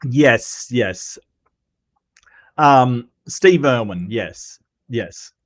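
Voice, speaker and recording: A male livestream host in casual commentary, reading chat aloud, chatty and teasing, often repeating words and filling pauses. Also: medium pitch, animated.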